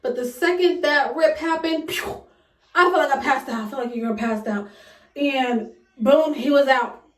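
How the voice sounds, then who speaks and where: A young woman vlogger, casually retelling a personal story with dramatic, loud acted quotes. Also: high-pitched, normal speed. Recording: echoey room, voice a bit far from mic.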